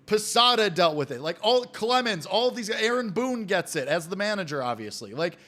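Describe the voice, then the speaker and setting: Casting: New York guy, high and lively, jokey betting podcast co-host. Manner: animated, quick, joking, laughs often. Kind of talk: casual podcast banter.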